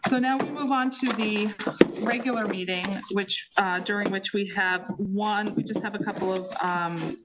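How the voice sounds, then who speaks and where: A woman's voice: medium pitch, fairly even intonation. Woman chairing a meeting on noisy audio. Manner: brisk, informal asides between formal readings. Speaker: planning board chair. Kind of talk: chairing a public meeting, reading resolutions aloud. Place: town hall meeting room.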